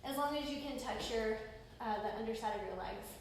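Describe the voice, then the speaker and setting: A woman with a slightly high voice leads a yoga class, calling out each pose at an unhurried, breath-led pace. She sounds set back from the mic in a very echoey room, with a faint hiss underneath. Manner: calm breath-paced cueing. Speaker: yoga instructor. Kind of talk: guided yoga class instruction. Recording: roomy echo, distant mic, faint noise.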